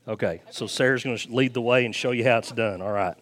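A man's voice: mid-range voice, fast, fairly bright tone. A middle-aged male pastor, speaking from a church platform into a handheld mic in a folksy, rambling way with restarts and chuckles. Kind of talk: casual church talk before baptisms. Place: church sanctuary. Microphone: handheld microphone.

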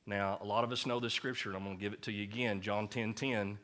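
A man's voice: lowish voice, fairly even intonation, quick pace, a bit bright. A man preaching a sermon as pastor, emphatic and folksy, mixing jokes with insistent points.

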